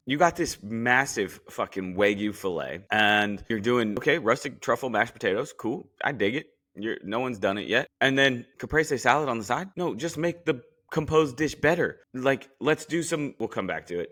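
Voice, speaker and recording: A man's voice: mid-range voice, animated, moderate pace, hardly any pauses, bright, forceful tone. A young man hosting a podcast, giving a blunt, joking recap of a cooking show and swearing freely as he talks straight at the contestants. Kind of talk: casual recap commentary.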